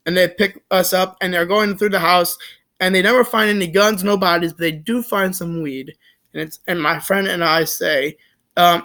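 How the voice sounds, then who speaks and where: A young man casually telling a story to the camera, rambling with lots of fillers and restarts, joking and animated. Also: high-pitched, moderate pace. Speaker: vlogger.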